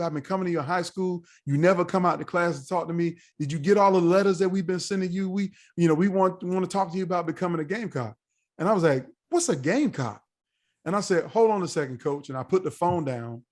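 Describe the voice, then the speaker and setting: Man, forties, interview guest, casual storytelling, acts out dialogue, a bit higher-pitched. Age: 40s. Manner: animated, acts out quoted dialogue. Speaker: podcast guest.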